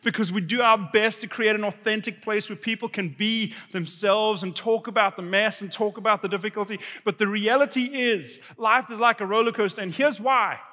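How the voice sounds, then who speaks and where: A middle-aged man preaching a sermon, telling a story about himself in an animated, self-mocking way and acting out his own reactions. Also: high-pitched, normal speed, few pauses. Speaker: pastor. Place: church hall. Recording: live church hall reverb.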